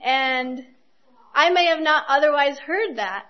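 Woman preacher, high voice, earnest and personal, dull lo-fi recording. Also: lively intonation, slow. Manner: earnest, personal, with soft laughs. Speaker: speaker giving a devotional talk. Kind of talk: sermon.

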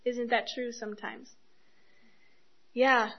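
A woman's voice: on the high side, little pitch movement, slow. Earnest woman giving a lo-fi sermon. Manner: earnest, personal, with soft laughs. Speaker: speaker giving a devotional talk.

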